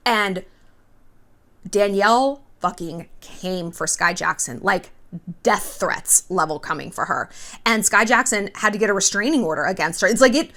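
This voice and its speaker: A woman's voice: mid-range voice, lively intonation, moderate pace, bright, forceful tone. A woman hosting a vlog, with candid, chatty commentary laced with profanity. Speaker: vlog host. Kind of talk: casual commentary.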